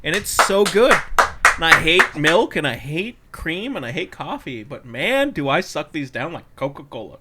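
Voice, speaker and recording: A man's voice: on the high side, big pitch swings, normal speed, bright, forceful tone, a little hiss or hum. A man co-hosting a podcast, playful and punning in casual chat. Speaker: podcast co-host.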